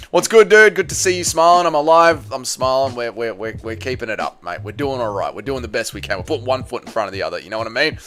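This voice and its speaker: A man's voice: mid-range voice, a bit bright. An Australian man hosting a live stream, reading out viewer comments and answering them with blunt, laddish banter full of slang and swearing. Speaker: MMA live-stream host.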